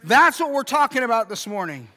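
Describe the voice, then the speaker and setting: A man preaching a sermon as pastor, moving between quiet, slow explanation and emphatic, shouted declarations. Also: very high-pitched, big pitch swings, in a large hall.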